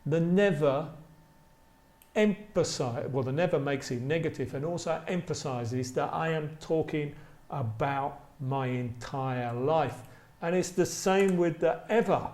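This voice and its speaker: A man teaching an English grammar lesson, repeating example sentences slowly and stretching them out for emphasis. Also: fairly high pitch, darkish tone, echoey room. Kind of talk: slow, deliberate grammar lesson with spoken examples.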